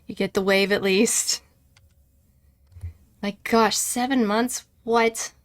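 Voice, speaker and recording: A woman streams a video game live and keeps up a casual, chatty running commentary, often talking straight to her viewers. She laughs easily between remarks, and her voice sits at an ordinary middle pitch. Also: fairly even intonation, slow.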